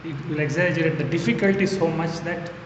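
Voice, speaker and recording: A man's voice: on the high side, steady tone, fairly quick. A man giving a spiritual talk, earnest and emphatic, repeating phrases to drive his point home. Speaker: spiritual teacher. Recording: echoey hall, dull lo-fi sound with faint noise.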